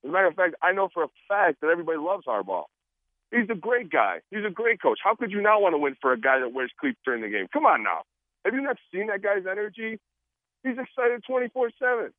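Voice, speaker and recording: A football player jokes around in a casual radio interview, animatedly acting out quotes. His voice sits high and moves fast, with no room sound, coming through a tinny phone line.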